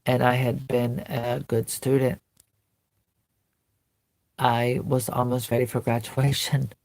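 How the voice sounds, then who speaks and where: A woman's voice: rumbling low, level tone, takes it slowly, darkish tone, no room sound. A woman vlogger earnestly recounting a painful memory, telling it in vivid present tense. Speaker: doll collector vlogger. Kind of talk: personal storytelling to camera.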